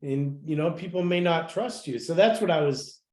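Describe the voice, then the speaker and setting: A man co-hosting a podcast, explaining his point in a relaxed, plain way during a casual chat. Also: a little high, moderate pace. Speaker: podcast co-host. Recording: echoey room.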